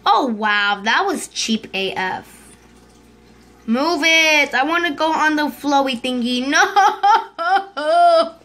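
A female host giving casual commentary over her gameplay, excitable, yelping and urging herself on, dropping to hushed whispers when scared. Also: high-pitched. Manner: excitable, yelps and shrieks, fast repeated urging. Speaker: gaming video host.

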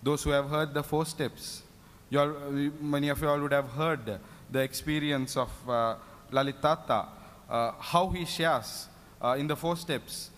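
At a prayer meeting in a reverberant hall, a man with a fairly high, fairly bright voice preaches a sermon at an unhurried pace. He's fervent, given to repeated hallelujahs, and the recording carries a long hall reverb.

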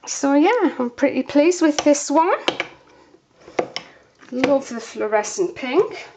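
A woman talks slowly and easily as she shows off her handmade soap, filling pauses with ums. Her voice sits a little high and she sounds slightly out of breath. A faint hiss runs under the recording. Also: very animated. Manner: chatty, unhurried, many fillers. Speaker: soap maker. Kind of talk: casual demonstration vlog.

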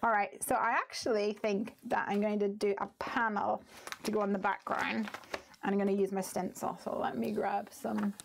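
A woman's voice: medium pitch, level tone, normal speed, vocal fry. A chatty woman demonstrates card making live from her home craft room, talking through each step and wandering off track as she goes. Her voice sits in an ordinary middle range, with a faint hiss of noise underneath. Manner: chatty, thinks aloud, easily distracted. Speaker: crafting live-stream host. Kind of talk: casual chatty craft demo.

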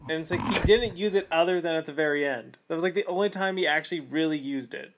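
A woman in a casual movie chat, giggly and expressive. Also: deep voice, quick pace, noisy background.

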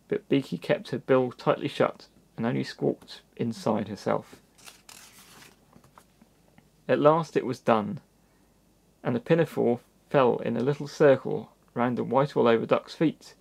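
Man reading a kids book out loud, gentle, gravelly, chats a bit between pages. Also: medium pitch, unhurried. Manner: gentle, with asides to the listener. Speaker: storybook reader. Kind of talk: reading a children's book aloud.

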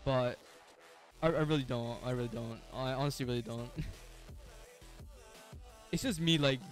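A man's voice: medium pitch, normal speed, soft background music. A young man streaming a game live, chatting casually with viewers, full of slang, frequent laughs and restarts. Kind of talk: casual live-stream chat while gaming.

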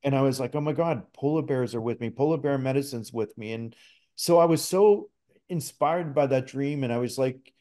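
A man's voice: mid-range voice, moderate pace, mellow. A middle-aged man from Canada, a podcast guest telling a personal story in a casual, earnest way with frequent restarts. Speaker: podcast guest, spirit talker.

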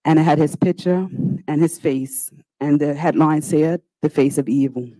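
A woman's voice: deep voice, fairly even intonation, warm tone, no room sound, low-quality recording. A woman senator, giving a formal, earnest, pleading speech in a legislative chamber. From Bermuda. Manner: earnest, pleading, with slow deliberate pauses.

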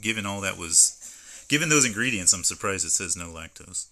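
A man's voice: deep voice, lively intonation, a little fast, pushed and bright, faint music behind. A man streaming live from home, chatting casually and reading labels aloud as he unboxes. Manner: rambling, stops to read can labels aloud.

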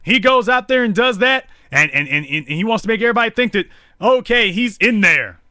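A man's voice: high voice, lively intonation, brisk, bright, forceful tone, no echo, clean studio sound. A man hosting a live talk show, delivering angry, preaching commentary full of repetition. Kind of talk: fiery political commentary.

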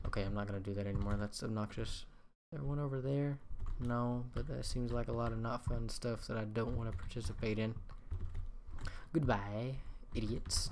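A man giving casual gameplay commentary, swearing and trash-talking the monsters, with excited gasps and yelps. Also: medium pitch, a little hiss or hum. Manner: profane, trash-talks the game's monsters. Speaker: gaming streamer.

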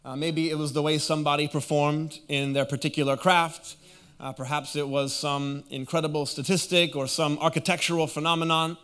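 Energetic male pastor preaching in church. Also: on the high side, moderate pace, clean tone. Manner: energetic preacher, rallies the congregation to repeat phrases. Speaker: guest pastor. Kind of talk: sermon. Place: church auditorium.

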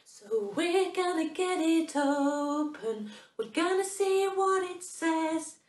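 A woman's voice: very high voice, expressive, takes it slowly, darkish tone, soft background music. A woman singing a children's action song unaccompanied. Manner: sings unaccompanied. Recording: echoey room, far from mic.

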